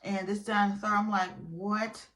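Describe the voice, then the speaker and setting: A woman's voice: mid-range voice, quick pace. Chatty, opinionated woman recapping a show. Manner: chatty, opinionated, animated when indignant, many fillers. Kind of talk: casual recap commentary.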